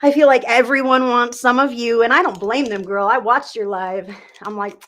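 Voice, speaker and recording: A woman's voice: a little high, fairly even intonation, moderate pace, fairly bright tone. Chatty, affectionate woman giving a psychic reading. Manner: chatty and affectionate, full of endearments; checks in with "okay?" after each point. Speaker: psychic reader. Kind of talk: live-streamed reading.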